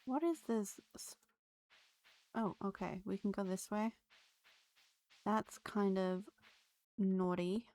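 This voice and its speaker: A woman's voice: medium pitch, flat delivery, takes it slowly, long pauses, a little mellow. A woman live-streaming a game, chatting to her viewers and laughing often. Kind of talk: live gameplay streaming chat.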